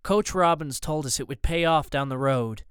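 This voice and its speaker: A man narrating a tense first-person audiobook in a steady storytelling manner. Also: fairly high pitch, moderate pace, smooth, no room sound, studio quality.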